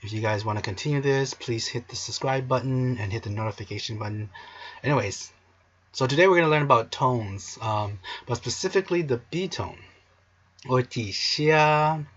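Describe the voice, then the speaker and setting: A man's voice: medium pitch, moderate pace, slightly rough, dull audio. A man hosting a casual language lesson video, playful and cheesy, sometimes breaking into song. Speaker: language teacher, video host.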